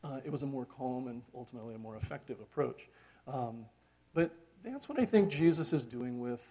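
Male preacher, middle-aged, husky and unhurried, reflective sermon delivery with frequent pauses. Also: medium pitch, lively intonation, warm tone. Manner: reflective, conversational, many pauses and fillers.

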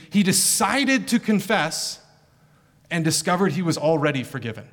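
A middle-aged male pastor preaching an earnest, emphatic sermon full of rhetorical questions. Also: fairly high pitch. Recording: long hall reverb.

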